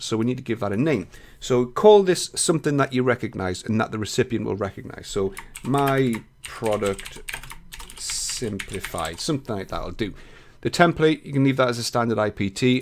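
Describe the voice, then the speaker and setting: A man presenting a casual software tutorial, chatty and informal, acting out both sides of his stories. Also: medium pitch. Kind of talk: casual screen-recorded tutorial.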